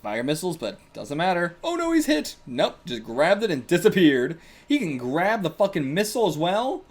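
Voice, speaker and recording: A young man reading a manga aloud and reacting casually, excitable and laughing, with bursts of swearing. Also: fairly high pitch, normal speed. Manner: excitable, swears, laughs, puts on brief character lines.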